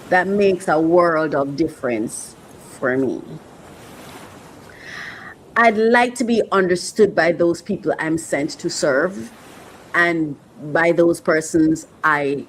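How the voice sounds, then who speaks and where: A woman's voice: deep voice, slight background noise, low-quality recording. A woman hosting a podcast, talking earnestly and reflectively, often repeating herself and getting emotional. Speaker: podcast host.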